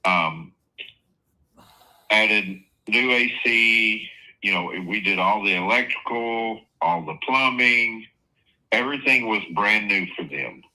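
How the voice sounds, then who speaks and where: A man's voice: on the low side, slow pace, pushed and bright, poor audio. A man telling a blunt, profane story about selling his property. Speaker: property seller. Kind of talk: casual storytelling on a live call.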